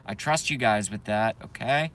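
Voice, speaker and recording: A man's voice: lowish voice, moderate pace, fairly bright tone. A young man hosting a live stream, chatting casually, joking and reading viewers' comments aloud in a rambling way.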